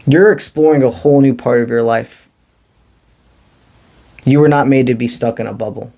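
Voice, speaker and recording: A man giving a spiritual tarot reading to camera, talking in a calm, encouraging and mystical way with casual slang. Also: medium pitch, normal speed, creaky. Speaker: tarot reader.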